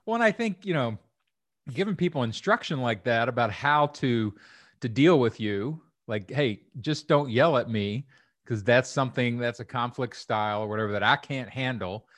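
A man's voice: mid-range voice, normal speed, a bit bright, no room sound. Man in casual chat, dry close sound.

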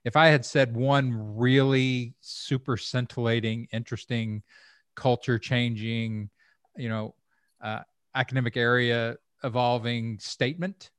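A man's voice: mid-range voice, steady tone, a little slow, clear, resonant tone, no room sound. A man hosting a conversation, rambling and thinking aloud with restarts and repeated words. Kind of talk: conversational interview.

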